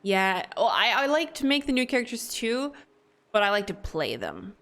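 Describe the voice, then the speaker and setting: A woman's voice: on the high side, very animated, moderate pace, creaky, a bit bright. A woman from the Southern United States with a Southern American accent, chatting casually and rambling while she streams a game. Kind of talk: casual live-stream chat.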